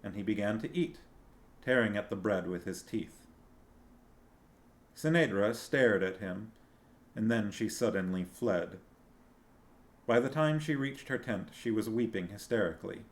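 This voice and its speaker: A man's voice: fairly low pitch, unhurried, pauses often. A man narrating a fantasy novel aloud. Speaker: streamer reading a book.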